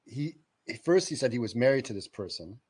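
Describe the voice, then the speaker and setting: Brief: husky male co-host, short quick comments that correct the details. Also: mid-range voice, expressive, a little mellow. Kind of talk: casual film discussion.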